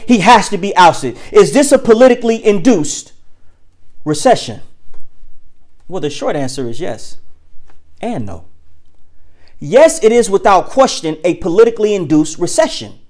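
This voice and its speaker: Animated preacher with lively pitch. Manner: rhetorical questions addressed to listeners; reads scripture slowly and emphatically. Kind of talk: preaching to an audience.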